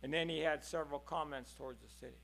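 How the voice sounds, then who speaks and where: A man preaching a sermon in a church, impassioned, moving between hushed and loud passages. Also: on the high side, steady tone, fast, creaky.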